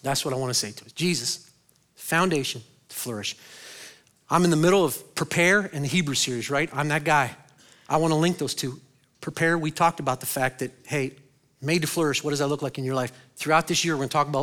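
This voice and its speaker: Bright-voiced preaching male pastor. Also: quick pace. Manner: dynamic preaching, swings from loud and high to quiet and low; asks the congregation questions and answers them himself. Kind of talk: sermon.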